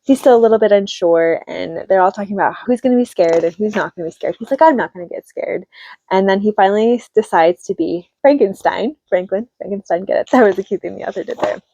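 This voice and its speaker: An upbeat, chatty woman in her thirties sums up picture books for other parents in a relaxed, casual way. Her voice is mellow and warm, recorded close and dry with a slightly dull, lo-fi tone. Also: medium pitch, quick pace, creaky, few pauses, no room sound. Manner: chatty and upbeat, retells stories with light laughs. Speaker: homeschooling mom reviewing children's books. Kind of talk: casual book review.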